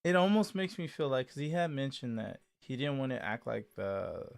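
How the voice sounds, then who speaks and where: Man, mid-pitched, laid-back, quiet remarks, casual reaction chat. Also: big pitch swings, moderate pace, gravelly, a crowd in the background. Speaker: co-host reacting to a video.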